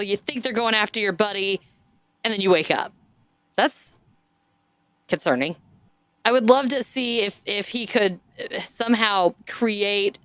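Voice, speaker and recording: Woman podcast host, chatty and self-mocking, smooth voice, dry close mic. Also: medium pitch, a bit bright, no echo. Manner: chatty, jokey, self-deprecating, trails off and restarts. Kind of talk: casual chat, reading listener stories aloud.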